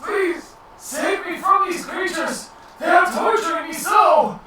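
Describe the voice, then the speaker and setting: Voiced by a man, a flustered middle-aged arcanist begs for mercy in a high, bright voice. He sounds meek and rattled. The sound is roomy and echoey, picked up from across the table. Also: expressive, moderate pace, some chatter behind, a little hiss or hum. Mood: desperate pleading. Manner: pleading, flustered. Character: meek bearded male human arcanist, stowaway. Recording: echoey room, far from mic.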